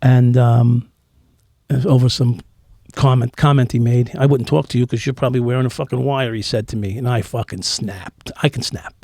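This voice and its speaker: This steady, dark, mid-range male voice belongs to a middle-aged ex-police officer from New York. As a guest on a podcast, he candidly recounts stories in blunt, profane terms, imitating what others said, at a normal pace in a studio-quality recording with no echo.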